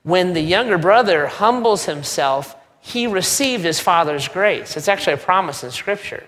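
Animated preacher in a reverberant sanctuary. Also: male voice, sits high, normal speed, few pauses. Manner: conversational, animated, joking asides. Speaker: pastor. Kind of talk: sermon. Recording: long reverb of a large hall.

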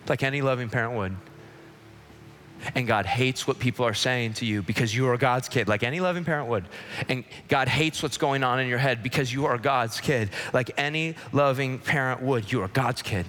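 Man preaching, bright forceful voice, long hall reverb, passionate. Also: medium pitch, moderate pace, a little hiss or hum. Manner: passionate, swings from loud pleading to hushed intimacy. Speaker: pastor. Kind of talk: sermon.

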